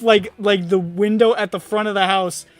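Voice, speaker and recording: A man narrating a tabletop role-playing game as game master, animated and often laughing. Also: high-pitched, moderate pace, no echo.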